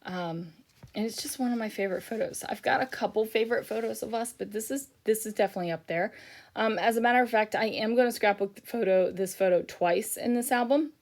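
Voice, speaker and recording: A woman's voice: fairly high pitch, quick pace, darkish tone. A middle-aged woman chatting casually in a voiceover for her scrapbooking video, tired and rambling, with frequent fillers and yawns. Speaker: scrapbooking YouTuber.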